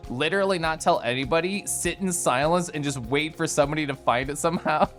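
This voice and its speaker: A male streamer catching up on his chat with a lively voice that swoops up and down as he reacts. He talks in a playful, giggly way, and soft music plays faintly behind him. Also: a little high. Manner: animated and giggly, playful voice swings.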